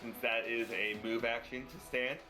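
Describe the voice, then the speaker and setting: A man's voice: mid-range voice, steady tone, moderate pace, sharp tone, faint music behind. A man playing in a live-streamed tabletop game, laying out his character's moves matter-of-factly.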